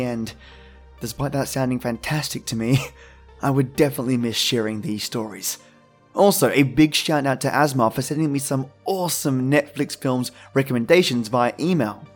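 A man hosting a podcast, reading a horror story slowly and quietly after a friendly, chatty welcome. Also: medium pitch. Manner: friendly, chatty intro, then slow hushed reading. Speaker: podcast host and narrator. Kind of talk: scripted horror story narration. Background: faint music.

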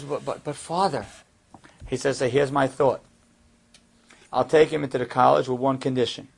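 A man telling a story aloud, acting out the voices of the people in it and rising high and loud at the dramatic moments. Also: creaky, husky. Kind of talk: animated story with acted dialogue.

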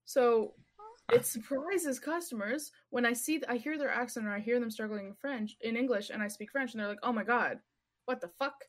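A woman's voice: on the high side, normal speed. Young woman streamer from Montreal, blunt and chatty. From Montreal, Canada. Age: young adult. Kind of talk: casual chat.

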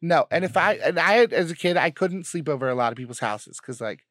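A young man co-hosting a casual podcast chat, telling animated, profanity-laced stories with a dry close sound. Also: a little high, a little fast, dry recording. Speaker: podcast co-host.

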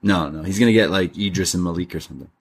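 A man's voice: deep voice, rapid-fire, breathy edge. A man co-hosting a wrestling review podcast in casual chat, laughing often as he recaps scenes.

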